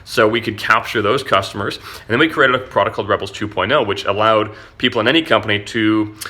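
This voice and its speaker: A man's voice: on the low side, quick pace, bright, forceful tone, husky. A man telling a story casually as an online marketing vlogger, chatty and slangy. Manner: chatty, slangy, says "dude" a lot.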